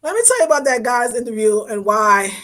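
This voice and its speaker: A woman's voice: fairly high pitch, lively intonation, fast, fairly bright tone. A woman hosting a casual livestream, thanking viewers by name in an effusive, affectionate way, her voice wavering with emotion at times. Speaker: livestream host reading viewer comments.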